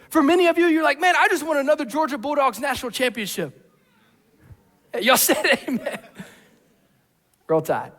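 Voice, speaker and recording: A man preaching a sermon, acting out voices, going from shouts to hushed tones. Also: extremely high pitch. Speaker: pastor. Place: church hall. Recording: long hall reverb.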